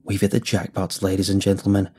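A man's voice: deep voice, monotone, fast talker, warm tone, husky. A man voicing a brash, mocking male treasure hunter who plays up to a camera audience in a storytelling video. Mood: mocking, boastful.

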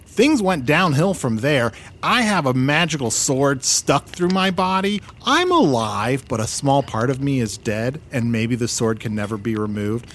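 Excitable male comedy podcast host. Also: mid-range voice, unhurried, few pauses. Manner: excitable, jumpy, swings to mumbling.

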